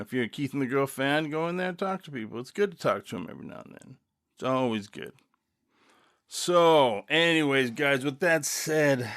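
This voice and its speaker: A man's voice: medium pitch, a bit bright, no echo. Solo podcast host, man, easygoing rambler, laughs at himself, dry booth sound. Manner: rambling, self-deprecating, laughs often. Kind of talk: casual solo podcast monologue.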